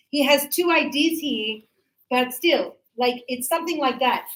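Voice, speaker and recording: A middle-aged woman teaching an English class, lively and chatty, acting out short example dialogues for her students. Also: high voice, measured pace, slight background noise, low-quality recording. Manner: animated, acts out little example dialogues.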